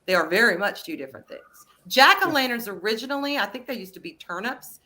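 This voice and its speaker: A woman co-hosting a casual chat, lively and laughing often, her voice jumping up high when she gets excited. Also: quick pace.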